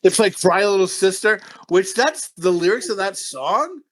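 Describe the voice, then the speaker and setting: A man's voice: high voice, animated, moderate pace, fairly bright tone. A middle-aged man co-hosting a podcast in casual chat, profane and rambling, laughing often. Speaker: podcast co-host.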